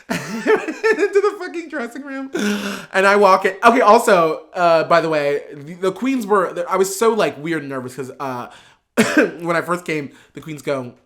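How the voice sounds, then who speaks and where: A man guest on a chat show, telling a casual story in an excitable, gushing way with many fillers. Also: a little high. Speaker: podcast guest, drag performer.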